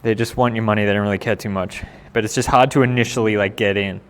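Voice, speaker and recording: A man's voice: lowish voice, steady tone, fast talker, fairly bright tone, in a large hall, a little hiss or hum. A young man with an Australian accent, a skateboarder chatting casually on a live stream in a laid-back, slangy way.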